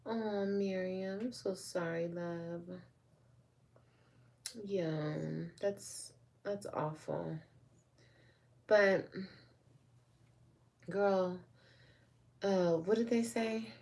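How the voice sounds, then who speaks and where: Frank, slow-talking woman vlogger. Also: medium pitch, darkish tone. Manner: frank and chatty, calls viewers babe and girl; rambling, with restarts. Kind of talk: casual livestream chat, answering viewer comments.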